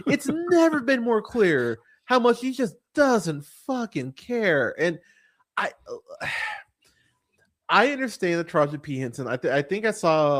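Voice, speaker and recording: A man hosting a podcast, ranting in casual chat about bad films, swearing, laughing and jumping up in pitch when exasperated. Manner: exasperated, profane, laughs often, animated pitch jumps. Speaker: podcast host. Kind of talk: casual ranting film review.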